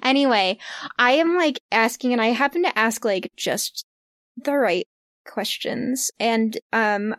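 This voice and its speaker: Woman player, casual and rambling, slightly high voice, dry close sound. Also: unhurried, fairly bright tone, dry recording. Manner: rambling, many fillers. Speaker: tabletop game player. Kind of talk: casual actual-play chat.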